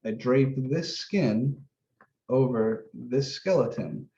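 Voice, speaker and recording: A man with a gravelly, mellow, darker medium-pitched voice teaches math in a relaxed office-hour session, taking it slowly. He thinks aloud while drawing, walks through each step and swears mildly now and then. The recording sounds roomy and somewhat dull.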